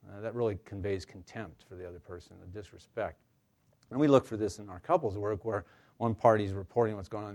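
Low-voiced man leading a workshop. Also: steady tone, a little fast, a little mellow. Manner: conversational, many fillers and restarts, light humor. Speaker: counselor leading a staff workshop. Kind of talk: informal workshop presentation. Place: room with a live audience.

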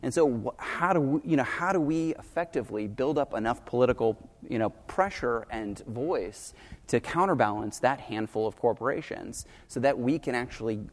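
A man speaking on a panel, earnest and emphatic, talking in long rushing sentences. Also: mid-range voice, big-room sound. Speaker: panelist on farming and water policy. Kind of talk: panel discussion.

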